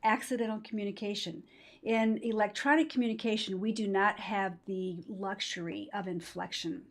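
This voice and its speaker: A woman's voice: medium pitch, steady tone, moderate pace. A woman trainer in an interview, explaining points emphatically and acting out quoted lines. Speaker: patient-experience trainer. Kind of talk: interview conversation.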